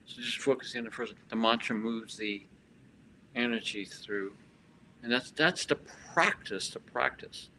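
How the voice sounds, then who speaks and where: Man chanting and teaching, bright voice. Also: lowish voice, a little hiss or hum, rough recording. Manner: chanting mantras, halting with repeated words. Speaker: spiritual teacher. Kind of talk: guided meditation and talk. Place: hotel expo hall.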